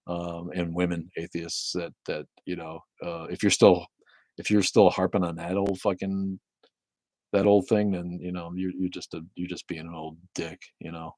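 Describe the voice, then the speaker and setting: Deep-voiced, profane, rambling man in his fifties. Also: no room sound, studio quality. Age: 50s. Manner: profane, rambling, with many restarts. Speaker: livestream host. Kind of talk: casual livestream rant. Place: home in Maine.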